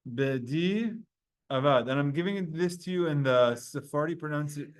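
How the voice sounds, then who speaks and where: Energetic man teaching a Talmud class. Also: on the high side, clean tone. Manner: energetic, quick, asks the class questions.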